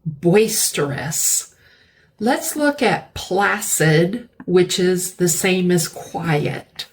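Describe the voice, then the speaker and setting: A woman teaching English vocabulary, explaining words slowly and repeating key terms. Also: mid-range voice. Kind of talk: slow classroom-style vocabulary lesson.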